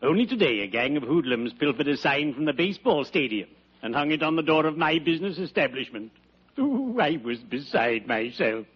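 A syrupy, deadpan undertaker. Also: male voice, on the high side, brisk, husky, lo-fi sound. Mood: unctuous. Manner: syrupy, pompous and deadpan with morbid puns. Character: unctuous male undertaker, droll and gloomy. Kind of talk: 1940s radio acting. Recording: scratchy old radio broadcast.

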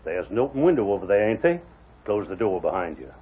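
A man's voice: on the low side, big pitch swings, fast. A man voicing an old Civil War veteran who talks in a flowery frontier drawl, in 1940s radio style. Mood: determined. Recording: dull old radio recording, faint hiss.

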